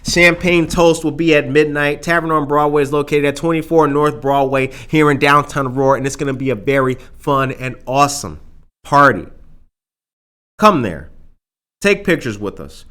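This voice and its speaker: A man hosting a casual morning news podcast alone in the studio, upbeat and chatty, often calling listeners ladies and gentlemen. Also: on the high side, normal speed. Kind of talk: casual live news chat.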